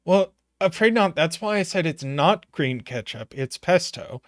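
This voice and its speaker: A man's voice: a little high, expressive, unhurried, no echo, clean studio sound. Playful man bantering on a puzzle stream. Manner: playful banter with chat, thinking aloud while solving. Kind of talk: casual live-stream chat.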